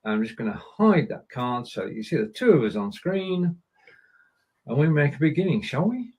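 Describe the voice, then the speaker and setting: A man's voice: a little high, big pitch swings, moderate pace, a little mellow, slightly rough, low-quality recording. A man hosting a casual chat show, chatty and a little hesitant as he tries out German sentences. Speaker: podcast host. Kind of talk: casual chat, language lesson.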